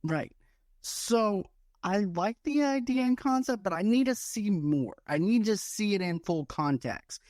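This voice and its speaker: A man co-hosting a podcast, chatty and jokey, thinking each film pitch through out loud. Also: animated, a little slow, no room sound, studio quality. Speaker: podcast co-host. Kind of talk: casual podcast chat, mock pitch role-play.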